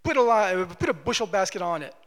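A man's voice: high voice, animated, fast talker, a bit bright. A man voicing a mocking male opponent who taunts, in a long church reverb. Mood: taunting.

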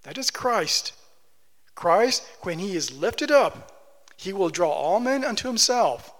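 A man preaching a sermon, building to loud, emphatic passages and dropping back to quiet, plain reading of scripture. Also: high voice, big pitch swings, slow. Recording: long hall reverb.

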